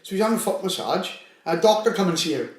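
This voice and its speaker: A man's voice: sits high, expressive, very fast. A man with a Swansea Welsh accent, a fighter guest on a podcast, telling stories in casual chat, swearing often and laughing as he talks. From Wales. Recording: echoey room.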